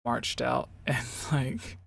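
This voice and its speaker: Gravelly laid-back podcast co-host, a man. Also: medium pitch, fairly even intonation, slow pace, fairly bright tone. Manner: laid-back, hesitant with fillers. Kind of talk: casual podcast chat.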